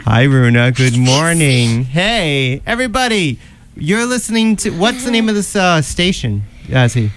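A woman's voice: sits low, very animated, a little slow, slight background noise. Cheerful woman hosting a pretend radio show. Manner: cheerful, coaxing, speaks to kids. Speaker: home radio show host. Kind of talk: playful mock radio show with children.

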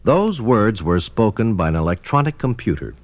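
A man's voice: lowish voice, big pitch swings, normal speed, a little mellow, dry recording. Formal male documentary narrator. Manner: formal, explanatory. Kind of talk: scripted narration.

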